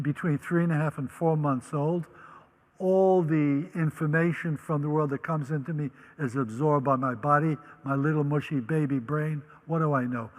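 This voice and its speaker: A man's voice: a little high, in a large hall, low-quality recording. An older man from the Netherlands, a Holocaust survivor, telling his life story vividly and acting out the voices he quotes. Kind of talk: personal storytelling talk.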